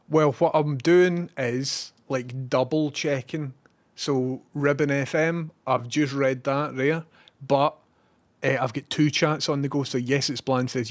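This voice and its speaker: A man's voice: medium pitch, steady tone, measured pace. A man with a Scottish accent, a live streamer telling a rambling story and reading out viewer messages.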